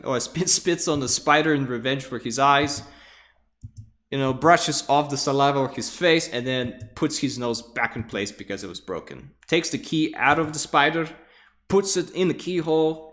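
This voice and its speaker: Man pitching a storyboard with sound effects. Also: a bit bright. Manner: acts out scenes with vocal sound effects; repeats words while searching for them. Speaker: lecturer.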